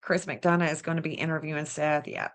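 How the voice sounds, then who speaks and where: A woman's voice: sits low, level tone, fairly quick. A middle-aged woman with a Southern accent, chatting casually on a livestream, rambling and restarting her sentences. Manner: rambling, repeats herself, frequent restarts and small laughs. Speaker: online true-crime astrology host.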